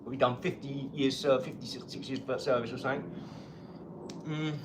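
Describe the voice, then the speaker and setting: A man hosting a casual live stream from his home garage, talking in an energetic, rambling, chatty way. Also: mid-range voice, moderate pace, noisy background. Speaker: livestream host.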